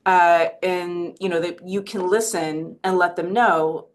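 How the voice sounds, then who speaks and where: A woman's voice: on the low side, fairly even intonation, a little slow. A woman co-hosting a podcast, talking casually and thoughtfully, often checking in with "right?". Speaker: podcast co-host.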